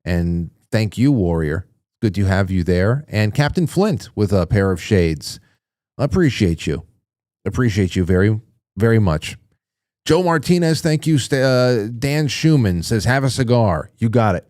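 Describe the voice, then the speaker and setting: A man's voice: lowish voice, sing-song, a little slow, darkish tone, no echo, clean studio sound. A man hosting a call-in show, reading viewer messages aloud in a chatty, jokey way and reacting with surprise. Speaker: radio show host.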